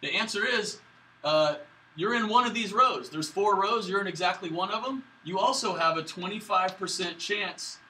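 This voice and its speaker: This statistics lecturer, working at a whiteboard, keeps things casual and chatty with jokey asides. He has a high-pitched, pushed, bright voice at a moderate pace. The rough recording comes from a camera in the room, moving away to the board.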